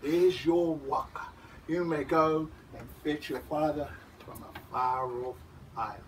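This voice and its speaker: A man voicing a tiny, gentle, wise insect in a high thin voice, told to schoolchildren. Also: steady tone, measured pace, close to an everyday voice. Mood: kindly. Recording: distant mic with background noise.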